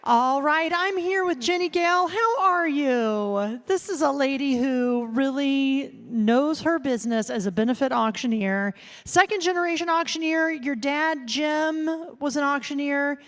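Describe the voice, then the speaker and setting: A woman's voice: high voice, unhurried. A woman who is a benefit auctioneer, hosting an upbeat casual interview at a convention. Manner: upbeat, enthusiastic.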